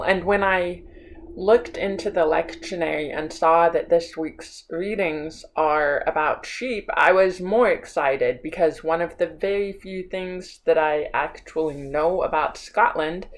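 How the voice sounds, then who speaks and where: A woman's voice: on the low side, slight background noise, poor audio. A woman pastor with a Pacific Northwest American accent, preaching a sermon recorded at home in an enthusiastic, chatty, informal way. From United States. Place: her home.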